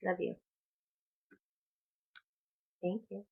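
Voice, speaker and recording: A woman speaking as a spiritual coach in a personal vlog, talking in a slow, halting, reflective way. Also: phone-quality sound. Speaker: spiritual coach and tarot reader.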